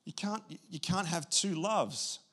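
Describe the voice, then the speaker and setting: A man delivering a sermon in a high, light voice. He is animated and expressive, jumping from hushed, low asides to loud, excited outbursts as he acts out what people say. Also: takes it slowly, breathy edge. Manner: animated, acts out quotes with big pitch swings. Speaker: pastor.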